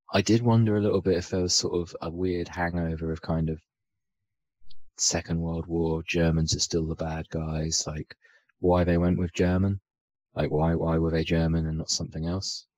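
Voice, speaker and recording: A man with a deep, low voice talks about movies in a loose, rambling podcast chat. He thinks out loud, trailing off and restarting with plenty of ums and "sort of". The sound is close and dry, with no room echo. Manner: rambling, filler-heavy, thinks aloud. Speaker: podcast co-host. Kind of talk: casual film discussion.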